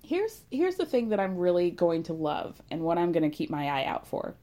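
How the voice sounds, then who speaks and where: A young woman chatting casually as a podcast host, gossipy and animated, swearing freely and laughing often. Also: on the low side, normal speed. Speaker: podcast host recapping reality TV. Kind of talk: casual chat.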